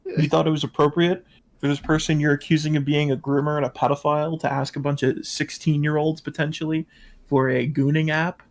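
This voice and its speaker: A man's voice: a little high, flat delivery, fairly quick. Sarcastic young man on a livestream. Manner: sarcastic, mocking, crude. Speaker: livestream co-host. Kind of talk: casual livestream commentary.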